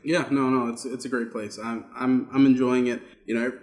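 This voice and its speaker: A man's voice: mid-range voice, flat delivery, moderate pace. A man talking as a guest in a casual interview, chatty and enthusiastic. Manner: enthusiastic, chatty gamer talk. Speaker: guest, 3D artist.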